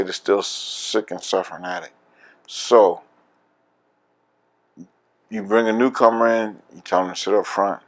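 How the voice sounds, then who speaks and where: Laughing man telling his story. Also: lowish voice. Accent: Philadelphia. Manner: candid storytelling, laughs often. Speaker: veteran interviewee. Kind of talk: oral history interview.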